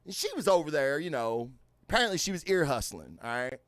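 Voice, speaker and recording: A man hosting a casual podcast, rambling through stories with fillers and swearing. His voice sits a bit high and swings widely in pitch. The sound is dry and close on a studio microphone. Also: very animated, brisk, no room sound. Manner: loud, swearing, storytelling with lots of fillers. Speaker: podcast host.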